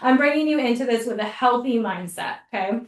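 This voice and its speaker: Woman coach, lively conference talk, teasing, fairly high voice, echoey hall heard from a distance. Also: a little fast. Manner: spirited, teasing, laughs often, addresses audience directly. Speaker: conference speaker and grant writing coach.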